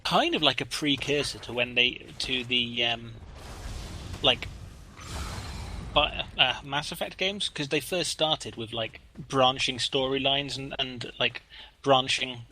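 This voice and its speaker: A man co-hosting a gaming stream in casual chat. He talks in halting, rambling runs, full of fillers and restarts. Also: medium pitch, sharp tone, slight background noise, rough recording. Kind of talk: casual chat while playing a game.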